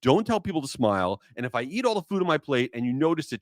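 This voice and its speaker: Male solo podcaster, big swings in pitch, worked-up rants, close dry mic. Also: fast talker, dry recording. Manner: animated, exasperated storytelling. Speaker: podcast host.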